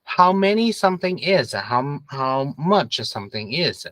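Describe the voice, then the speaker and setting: A man's voice: a little high, sing-song, a little slow, a bit bright, no echo, low-quality recording. A man teaching an English review lesson, patiently repeating questions and prompting students to answer together.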